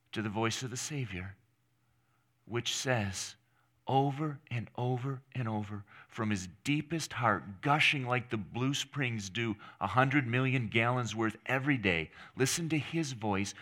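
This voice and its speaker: A male pastor preaching a sermon in an earnest, emphatic way, with long pauses between phrases. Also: fairly low pitch, fairly bright tone.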